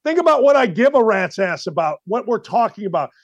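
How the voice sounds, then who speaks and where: A male show host giving ranting sports commentary, loud, exasperated and often shouting. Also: high-pitched, very animated, brisk, dry recording, dull audio.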